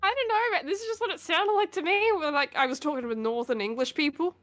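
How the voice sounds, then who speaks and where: A woman chatting casually on a livestream, blunt and quick to swear, laughing between remarks. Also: high-pitched, fairly bright tone, soft background music. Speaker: stream guest.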